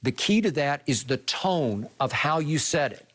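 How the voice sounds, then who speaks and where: A man's voice: fairly high pitch, lively intonation, unhurried, fairly bright tone. An older man hosting a studio sports debate, making his points emphatically and often checking for agreement. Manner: emphatic, lecturing, rhetorical questions.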